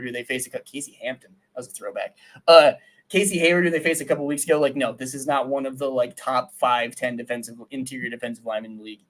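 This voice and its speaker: A young man co-hosting a sports podcast, breaking down game film in excitable casual chat, with lots of "like" fillers and casual swearing. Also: medium pitch. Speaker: podcast co-host and film analyst.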